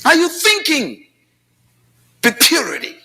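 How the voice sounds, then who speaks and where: Lively bright-voiced preacher man. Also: slow pace, vocal fry. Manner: dramatic, shifting from shouts to low asides; storytelling with quoted dialogue. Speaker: pastor. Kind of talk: sermon. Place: church with congregation responding.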